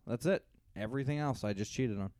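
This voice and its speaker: A man's voice: medium pitch, fast talker, a little mellow, no room sound. A young man co-hosting a podcast, chatting casually and joking about himself. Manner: joking, self-deprecating. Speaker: podcast co-host. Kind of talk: casual chat.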